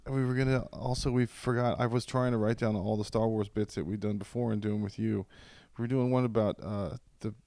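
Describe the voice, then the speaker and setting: A man's voice: on the low side, steady tone, brisk, vocal fry, hardly any pauses, mellow, no echo. A man in his forties co-hosting a casual podcast, dry and joking as he steers the talk. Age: 40s. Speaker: podcast co-host. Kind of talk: casual chat. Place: podcast studio.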